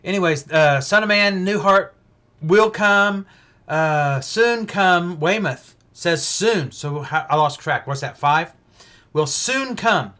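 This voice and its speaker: A man's voice: high-pitched, animated, slow pace, bright, forceful tone. A man hosting a casual livestream Bible study, thinking aloud with frequent restarts and fillers.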